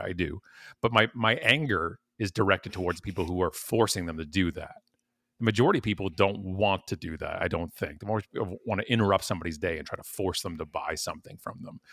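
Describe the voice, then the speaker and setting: A man guest in a podcast interview, telling stories in an animated, emphatic way and repeating words when he gets worked up. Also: sits low, no echo, clean studio sound. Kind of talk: conversational interview. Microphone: podcast mic at home.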